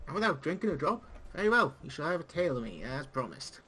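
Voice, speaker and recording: A man voicing a gruff old male tavern keeper and former lancer, reading game dialogue aloud with pirate-esque speech. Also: a little high, sing-song, fast, sharp tone, a little hiss or hum, poor audio. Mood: storytelling. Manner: pirate-esque speech with dropped g's and "aye".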